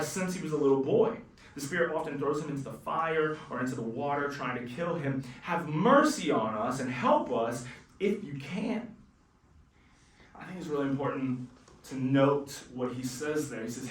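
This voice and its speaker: A man preaching a sermon as pastor, animated and conversational, acting out quotes as he goes. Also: high-pitched. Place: church auditorium. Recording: echoey church hall, distant mic.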